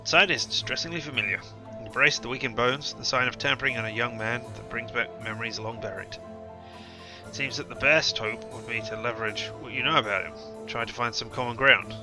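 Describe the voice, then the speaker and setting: A man's voice: medium pitch, brisk, over music, poor audio. A man streaming a game, making wry, joking comments and reading choices aloud.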